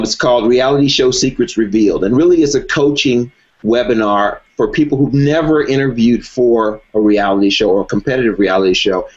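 Man talking in a measured, easygoing way. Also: medium pitch. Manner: measured, frequent "you know" fillers. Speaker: guest, former reality race contestant. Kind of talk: conversational interview. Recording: dull lo-fi recording.

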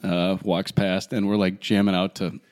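A young man from Colorado, co-hosting a podcast in casual chat, animated and self-mocking, laughing often as he tells stories. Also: deep voice, moderate pace. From Colorado, USA. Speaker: podcast co-host.

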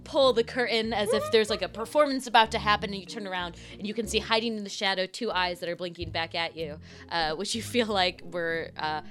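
A woman's voice: mid-range voice, fairly quick, few pauses, a bit bright. A woman running a tabletop role-playing game as game master, narrating in a loose, playful way. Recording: background music.

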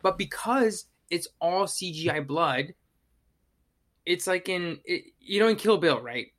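Podcast co-host, casual review chat; animated and profane, bright tone, mid pitch. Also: unhurried. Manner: animated, swears, acts out own reactions.

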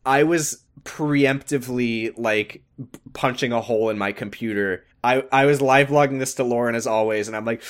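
A young man talking through a TV episode with a friend in loose, casual chat. He gets animated and exasperated, swears freely and slips into quick impressions of the characters. His voice sits at an ordinary middle pitch. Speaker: podcast co-host recapping a TV episode.

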